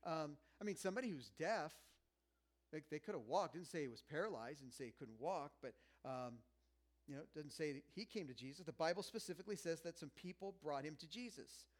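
A pastor preaching a sermon in a conversational, joking way, often dropping to a hush and then pushing his voice up loud. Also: on the high side, animated, brisk. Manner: conversational and joking, swinging between loud and hushed.

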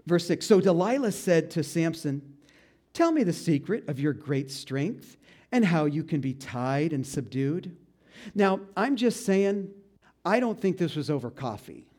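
A male pastor preaching a sermon, animated and joking, with asides and laughter between Bible readings. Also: fairly high pitch.

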